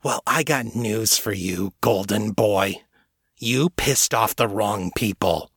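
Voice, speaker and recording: A man voicing a corrupt male police sergeant, a furred beastman, who makes sneering threats in a lowish voice. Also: slow pace, a bit bright, husky, dry recording, clean studio sound, exaggerated voice. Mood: menacing.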